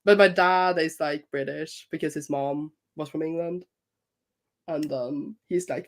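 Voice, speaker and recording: A woman's voice: low-pitched, unhurried. A woman from Norway with a slight Norwegian accent, sounding stuffy from a cold, chatting and laughing on a livestream. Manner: chatty, laughs while talking. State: has a cold. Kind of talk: casual livestream chat.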